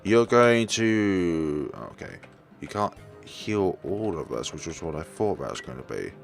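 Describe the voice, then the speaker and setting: Gamer narrator, low voice with gravel, animated delivery. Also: male voice, normal speed, soft background music. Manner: reads game dialogue aloud between comments. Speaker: let's play gamer. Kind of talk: casual gameplay commentary.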